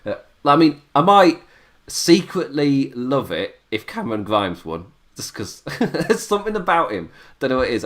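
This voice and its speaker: A man's voice: mid-range voice, a bit bright. An English man hosting a wrestling review podcast, talking casually and laughing often. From England. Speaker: podcast host.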